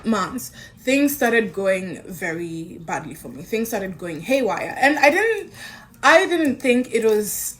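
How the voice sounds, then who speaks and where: A woman telling a personal story in a casual way, acting out the lines of the people she quotes. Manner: animated, acts out quoted dialogue with big pitch jumps. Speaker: guest recounting a personal story.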